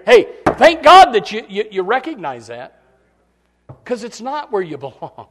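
High-voiced preacher swinging from hush to shout. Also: male voice, huge pitch swings, unhurried. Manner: swings from hushed pleading to loud shouting, repeats words. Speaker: pastor. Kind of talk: sermon.

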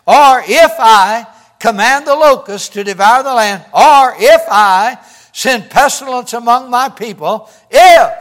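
An older American man preaching a sermon in a fairly high, bright and forceful voice. He builds through repeated phrases with strong emphasis and often falls to a soft, quiet hush. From United States. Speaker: pastor.

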